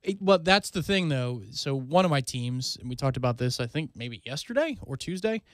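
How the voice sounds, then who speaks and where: A man's voice: mid-range voice, animated, normal speed, no echo, studio quality. A man from Florida co-hosting sports talk radio, chatting casually and wryly about baseball. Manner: wry, puts on fan voices.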